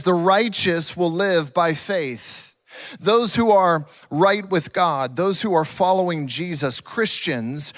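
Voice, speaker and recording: A man's voice: high voice, a bit bright, no room sound. A male pastor preaching a sermon, earnest and emphatic, repeating key words for weight.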